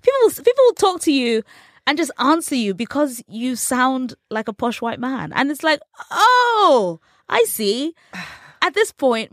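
A woman's voice: a little high, no room sound, studio quality. An English woman in her thirties, a journalist telling stories in a casual interview and acting out the voices she quotes. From England. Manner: animated storyteller, acts out quoted voices. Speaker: guest, journalist.

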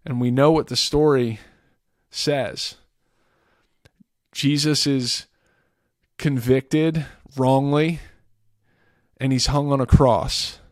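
A man's voice: medium pitch, fairly even intonation, slow pace, long pauses, dry recording, clean studio sound. A man hosting a podcast, earnestly retelling a scripture story in a casual way, often repeating and restarting words. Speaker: podcast host. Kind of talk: faith talk, retelling scripture.

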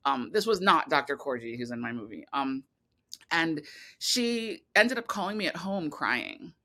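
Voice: mid-range voice, animated, measured pace, sharp tone. A filmmaker talking as a guest in an interview, rambling with many fillers and restarts. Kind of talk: casual interview talk.

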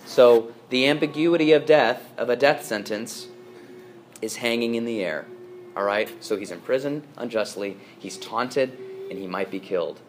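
A man's voice: mid-range voice, normal speed, slight background noise. A priest delivering a sermon to his congregation, earnest and emphatic, with frequent fillers and restarts.

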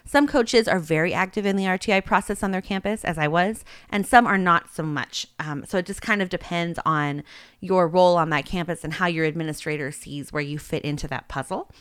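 A literacy coach hosts an education podcast, explaining coaching practice earnestly and instructively, with occasional fillers and restarts, and works in an ad for her course. Her voice is fairly low, brisk and fairly bright, smooth, recorded at studio quality with no echo.

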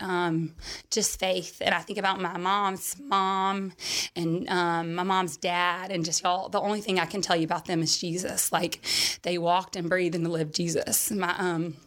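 A woman's voice: on the low side, a bit bright. A woman from Alabama with a Southern accent gives a chatty, self-deprecating faith testimony at a church gathering, full of fillers and restarts. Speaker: guest speaker at a church gathering.

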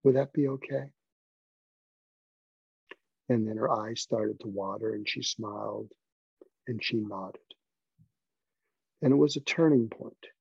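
A male podcast guest with a gravelly, husky voice tells earnest anecdotes. The sound is close and dry, with a slightly dull, lo-fi tone. His delivery is conversational and story-driven. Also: fairly low pitch, a little slow, pauses often, a little mellow, no echo. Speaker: guest, doctor.

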